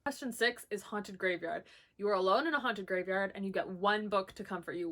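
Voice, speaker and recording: A woman's voice: mid-range voice, brisk, fairly bright tone. Young woman vlogging about books at home, rambly, lots of likes and ums, bubbly. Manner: chatty and rambling, with many "like" and "um" fillers; bubbly, enthusiastic gushing. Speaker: book vlogger. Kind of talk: casual chat, answering a book tag.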